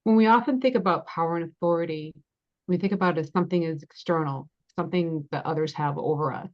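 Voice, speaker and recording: A woman's voice: sits low, quick pace, lo-fi sound. A woman health coach giving a gracious, composed prepared talk on a conference panel.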